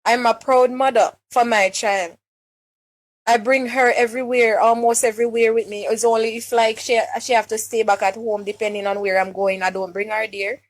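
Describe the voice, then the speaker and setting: A woman's voice: a little high, level tone. Distressed Jamaican woman pleading. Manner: distressed, halting, many restarts and repeated words. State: upset and pleading. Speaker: mother making a public appeal. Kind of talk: live-stream personal appeal.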